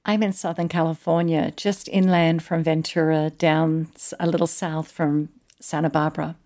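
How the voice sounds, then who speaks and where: An Australian woman hosting a podcast, gracious and even in her interviews and sign-off. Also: low voice, normal speed. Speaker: podcast host. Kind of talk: interview and scripted outro.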